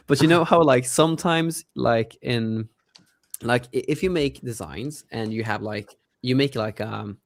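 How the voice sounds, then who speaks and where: A young man chatting on a podcast who rambles excitedly, laughs often and keeps losing track of names. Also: mid-range voice, unhurried, creaky, no room sound. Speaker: podcast co-host, app developer. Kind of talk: casual podcast chat.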